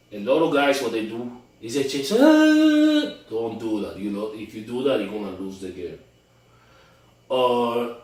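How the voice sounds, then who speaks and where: Male dating coach, emphatic and repetitive; mid-pitched, recorded far off in a cavernous room. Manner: emphatic, repeats and restarts words. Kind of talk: instructional monologue. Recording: very echoey room, far from mic.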